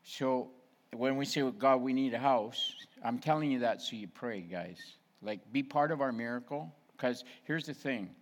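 A man's voice: medium pitch, moderate pace. Middle-aged man, pastor, plainspoken, frank, casual talk. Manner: plainspoken, frank, asks his listeners directly.

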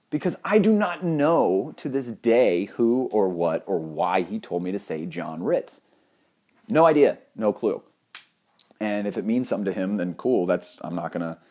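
A young man telling a funny personal anecdote in an animated, profane, self-mocking way. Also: on the low side. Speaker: storyteller.

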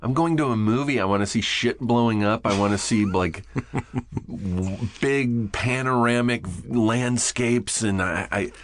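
A man's voice: mid-range voice, measured pace. A middle-aged man hosting a podcast, rambling in a laid-back way with some swearing. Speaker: podcast host. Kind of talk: casual chat.

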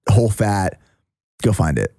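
A man's voice: on the low side, very animated, unhurried, mellow, dry recording, studio quality. A man hosting a podcast, talking in an easygoing, self-deprecating way in casual chat. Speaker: podcast host and athlete.

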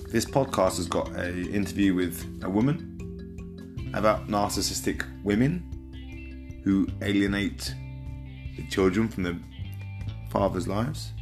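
A man hosting a podcast, giving a loose, rambling intro and correcting himself as he goes. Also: low voice. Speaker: podcast host.

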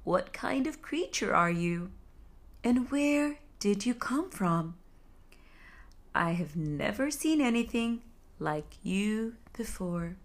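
A woman's voice: medium pitch, lively intonation, slow. Woman doing a proud little frog.

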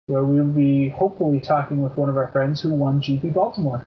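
A man in his thirties hosting a podcast in casual chat, rambling through shout-outs with many fillers and the odd swear word. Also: medium pitch, fairly even intonation, a little fast, hardly any pauses, breathy edge. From Canada. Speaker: podcast host. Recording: dull lo-fi podcast audio.

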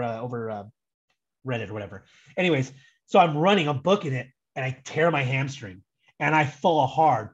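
Young American guy, guest storyteller, casual and rambling, husky tone, muffled call line. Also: mid-range voice. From United States. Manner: rambling, animated, heavy use of "like". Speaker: guest, soccer super fan.

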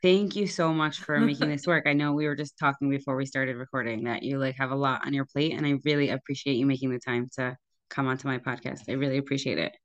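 A woman's voice: very deep voice, steady tone, quick pace, dull audio. A woman hosting a podcast, asking her guest casual, chatty questions. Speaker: podcast host. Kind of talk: podcast interview.

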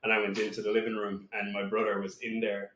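A man's voice: fairly low pitch, monotone, quick pace, fairly bright tone. A man guesting on a podcast, telling rambling, swear-filled stories with many restarts. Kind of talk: casual storytelling. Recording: echoey room with faint noise.

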